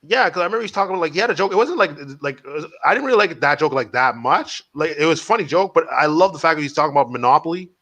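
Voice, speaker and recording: A man's voice: a little high, animated, racing, hardly any pauses, pushed and bright. A man in a casual podcast chat, talking enthusiastically and repeating words as he gathers his thoughts.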